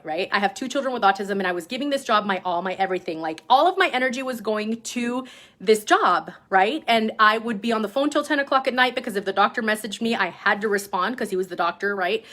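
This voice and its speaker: A woman talks straight to her team in a loose, lively storytelling voice. Her pitch sits in the middle range for a woman. She fills her sentences with "like" and "right?" and slips into other voices when she quotes people. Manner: animated, lots of "like" and "right?". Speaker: direct-sales team leader. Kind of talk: casual motivational storytelling.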